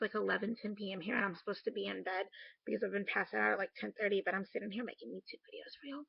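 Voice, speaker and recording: A woman's voice: medium pitch, creaky, breathy edge, dry recording, lo-fi sound. A woman talking in a casual video diary at home late at night, candid and emotional, swearing casually. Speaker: vlogger.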